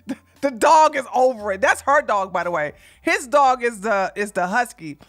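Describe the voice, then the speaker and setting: A woman streamer giving live reaction commentary, mocking what she watches and often laughing and breaking into shouts. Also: a little high, normal speed.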